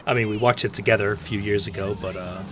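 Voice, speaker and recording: A man's voice: lowish voice, steady tone, quick pace, fairly bright tone, slight background noise. Young man, rambling live-stream chatter, faint game sounds behind. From Netherlands. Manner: rambling, chatty, many fillers and restarts. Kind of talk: casual live-stream gaming chat.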